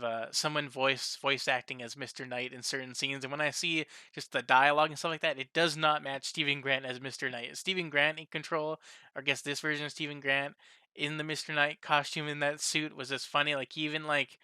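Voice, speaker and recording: A man's voice: medium pitch, bright, forceful tone, clear, resonant tone, no room sound. A man giving a rambling, casual episode review on his channel, circling back and restarting often. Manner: rambling, lots of fillers and restarts. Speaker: YouTube reviewer.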